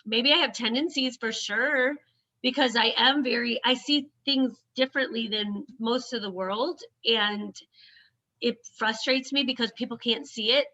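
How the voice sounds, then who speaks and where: A woman and mother talking in an animated, chatty way, often quoting others in quick asides. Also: a little high. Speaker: mother and autism advocate. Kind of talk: casual conversation. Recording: dull lo-fi audio.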